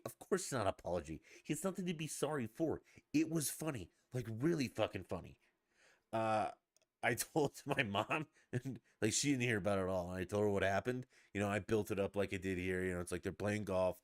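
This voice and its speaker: A man's voice: fairly low pitch, normal speed, dry recording, clean studio sound. A middle-aged man ranting casually as a podcast host, blunt, mocking and profane.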